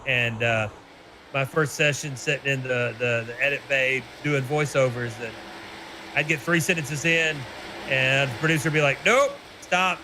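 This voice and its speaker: A man's voice: medium pitch, normal speed. A man from Tennessee calling a sim race play-by-play, chatty and joking with his co-host. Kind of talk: sim racing broadcast commentary. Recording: steady background noise.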